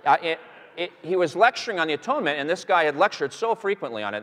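Lively man lecturing in a reverberant hall. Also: a little high, quick pace. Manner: animated storyteller, many fillers and restarts. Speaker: Bible teacher. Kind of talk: lecture to a live audience.

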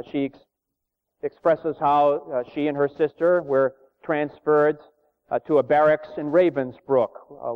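A man preaching a sermon in an earnest, reverent, measured way, pausing often with "uh". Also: medium pitch. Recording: tinny phone-like sound in a reverberant hall.

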